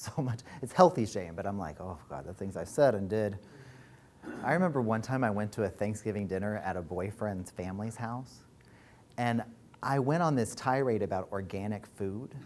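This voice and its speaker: A man leading a workshop as coach, telling candid personal stories in a frank, animated way, swearing freely and laughing as he talks. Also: lowish voice, slight background noise. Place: workshop room.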